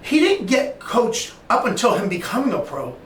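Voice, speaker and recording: Animated man talking in an echoey room. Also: high voice, distant mic, slight background noise. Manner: animated storyteller, quick restarts and repetitions. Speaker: podcast guest, entrepreneur and business coach. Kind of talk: casual podcast conversation. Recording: echoey room, voice a bit off-mic.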